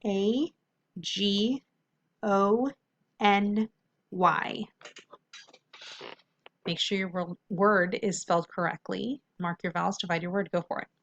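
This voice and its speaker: A woman teacher giving a phonics lesson to children, friendly and encouraging, drawing out syllables slowly when she sounds out words. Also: medium pitch, steady tone, fairly bright tone, highs cut off, slight background noise.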